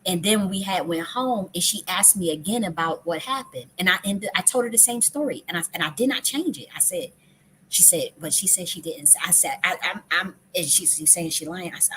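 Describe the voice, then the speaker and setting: A woman's voice: on the low side, lively intonation, brisk, a bit bright, slight background noise. A woman hosting a live stream, telling a personal story in a casual, emotional way, swearing often and restarting her sentences. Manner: emotional, profane, frequent restarts and repetitions.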